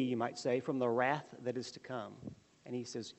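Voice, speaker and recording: A man's voice: medium pitch, normal speed, darkish tone, big-room sound. A man leading a prayer and then teaching a Bible lesson in an earnest, conversational way.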